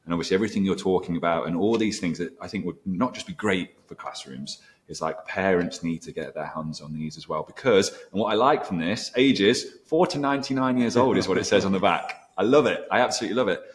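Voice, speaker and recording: A middle-aged male teacher interviewing a guest at a conference, telling animated stories with quoted dialogue. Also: sits low, fast.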